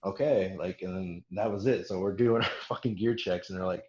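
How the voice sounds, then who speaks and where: A man's voice: low voice, a little fast, echoey room, highs cut off, a little hiss or hum. A young man telling a long war story in casual podcast chat, swearing often and laughing as he acts out what others said. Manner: profane, laughing, quotes others in animated bursts.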